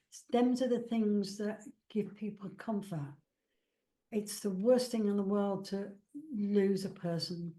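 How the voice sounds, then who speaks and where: A woman's voice: medium pitch, steady tone, a little slow, warm tone. A woman from England, a psychic medium and author, chatting in a rambling way and acting out the dialogue she recalls. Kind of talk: casual storytelling interview.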